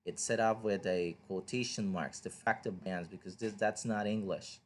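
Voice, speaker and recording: A man's voice: lowish voice, moderate pace. A man whose first language is Spanish, teaching an online English reading lesson in a patient, explanatory way and asking the listener questions. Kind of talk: online lecture.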